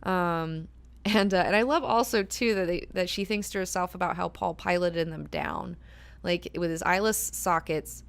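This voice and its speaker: A woman's voice: on the low side, clean tone. Chatty woman hosting a book club. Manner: chatty, filler-heavy, swears freely. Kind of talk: casual book discussion.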